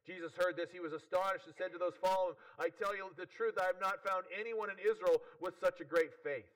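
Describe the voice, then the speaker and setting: A man's voice: high-pitched, steady tone, brisk, a bit bright, rough recording. A man preaching a sermon, earnest, checking in with the congregation and repeating words as he goes. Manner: earnest, with frequent repetitions and "right?" check-ins.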